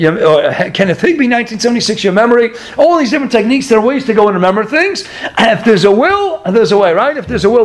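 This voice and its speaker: A man teaching a Torah class, telling stories, asking his listeners rhetorical questions and chuckling through his digressions. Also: sits high. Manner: asks the audience rhetorical questions.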